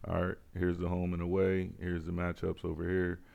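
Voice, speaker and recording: Deep gravelly man. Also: monotone, moderate pace, darkish tone, muffled recording. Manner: laid-back, talks to viewers, repeats phrases. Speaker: sports betting host. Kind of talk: casual sports betting picks.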